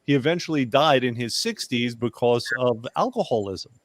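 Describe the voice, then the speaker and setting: A man hosting a casual chat, telling stories with slow, drawn-out emphasis. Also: mid-range voice, expressive, no room sound.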